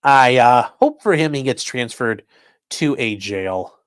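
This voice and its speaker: A man at a middle pitch, talking casually and sarcastically on a livestream, mocking people and reading out viewer comments with profane asides. His voice is recorded close and dry, with no room sound around it. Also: expressive, unhurried, clean tone, no room sound. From rural area. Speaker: livestream host.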